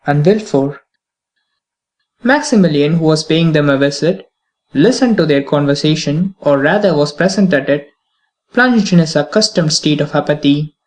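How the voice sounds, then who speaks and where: An audiobook reader narrating a classic novel in a calm, measured reading. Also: medium pitch.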